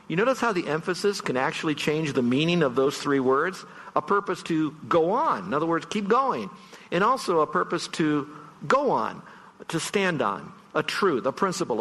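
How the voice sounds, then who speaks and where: A man's voice: mid-range voice, a bit bright, in a large hall, a little hiss or hum. A man preaching a farewell sermon as pastor, earnest and emphatic, stretching out key words for stress. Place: church sanctuary.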